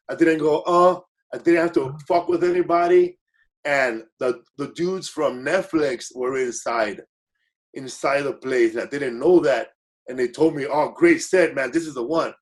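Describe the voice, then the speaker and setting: A man in casual podcast chat, telling long stories with a relaxed, meandering flow. His voice sits slightly high, and he keeps restarting his sentences and dropping in bits of Spanish. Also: unhurried. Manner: laid-back, rambling, self-correcting, slips into Spanish phrases. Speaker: guest comedian. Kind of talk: casual storytelling.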